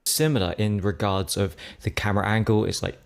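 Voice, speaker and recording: A man's voice: lowish voice, fairly even intonation, a little fast, creaky. A man reviewing a video game in a dismissive, complaining way. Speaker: game reviewer in a played clip.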